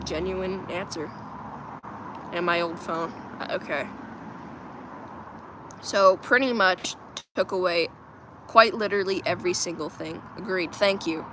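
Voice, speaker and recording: A woman's voice: on the low side, bright, forceful tone, slight background noise. A woman livestreaming from home on her phone, chatting casually with viewers, reading their comments aloud and laughing often. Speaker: livestream host.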